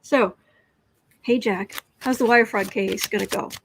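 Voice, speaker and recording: A woman's voice: medium pitch, measured pace, creaky, slight background noise. An American woman hosting a casual tarot livestream, reading viewer comments aloud and sometimes dropping to a whisper. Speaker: tarot reader and livestream host.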